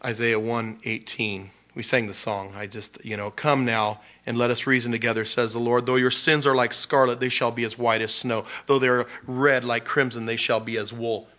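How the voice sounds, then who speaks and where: A man's voice: medium pitch, little pitch movement, moderate pace, few pauses, sharp tone. A man preaching a sermon in a conversational way, laughing often and acting out voices. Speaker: pastor. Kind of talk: sermon teaching.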